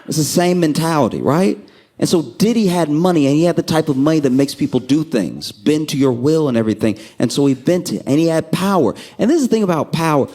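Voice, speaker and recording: A man doing a stand-up comedy set, telling stories with lively delivery and acting out the people he quotes. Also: fast. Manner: animated storytelling, acts out quoted people with sudden pitch jumps.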